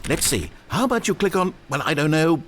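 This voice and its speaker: Brief: male actor as a high, sweeping, manipulative video game narrator, theatrical. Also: expressive, brisk, slight background noise, close to an everyday voice. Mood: coaxing. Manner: theatrical, grandly encouraging.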